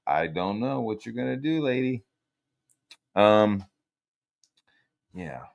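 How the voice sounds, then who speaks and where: Profane rambling male streamer, low voice. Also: lively intonation, takes it slowly, vocal fry, highs cut off. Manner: rambling, profane, swings between loud rants and mutters. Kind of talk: profane casual stream commentary.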